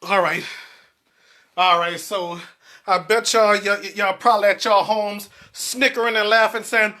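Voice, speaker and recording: A man's voice: sits high, fairly even intonation, unhurried, bright, forceful tone. A man hosting a casual livestream who is out of breath, joking at his own expense and talking straight to his viewers. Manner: joking, self-mocking, addresses viewers as y'all. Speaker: livestream host.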